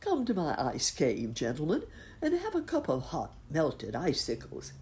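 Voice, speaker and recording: A woman voicing a big, jolly polar bear gentleman with a hearty, booming manner. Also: wildly swooping pitch, measured pace, full character voice.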